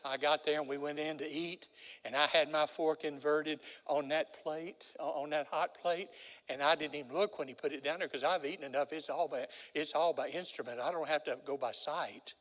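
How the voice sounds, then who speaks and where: An older man preaching a sermon as a guest preacher, telling stories dramatically and swinging from loud exclamations to hushed pleas. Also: fairly high pitch, steady tone, normal speed. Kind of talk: sermon with storytelling. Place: large church sanctuary. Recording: long hall reverb.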